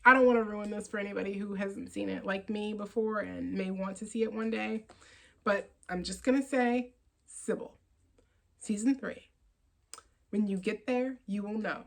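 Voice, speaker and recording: Excitable woman rambling about her yarn haul, laughs a lot, casual podcast chat. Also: medium pitch, normal speed, creaky, poor audio. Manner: chatty and excitable, laughs often, rambling asides. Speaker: knitting podcast host.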